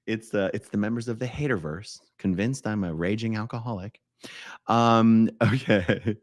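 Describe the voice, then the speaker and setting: Man, live streamer, rambling casual chat, low voice, dry close sound. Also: measured pace, pauses often, no echo. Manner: rambling, self-correcting, laughs often.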